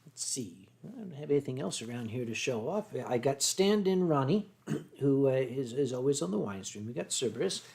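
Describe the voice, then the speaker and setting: A middle-aged man with a Philadelphia accent, chatting casually on a livestream and reading viewer comments, often clearing his throat and restarting sentences. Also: medium pitch, animated, moderate pace, a little mellow. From United States. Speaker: streamer reading chat.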